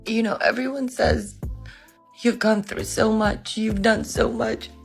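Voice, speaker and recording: Weary slow-talking woman over music. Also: a little high, steady tone. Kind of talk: emotional vlog rant. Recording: clear music behind.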